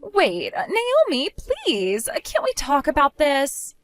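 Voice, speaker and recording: A woman's voice: sits high, huge pitch swings, takes it slowly, dry recording, voice pushed up, exaggerated voice. A woman voicing a spiteful young woman, the groom's sister, who talks in a mocking, dismissive way. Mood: pleading.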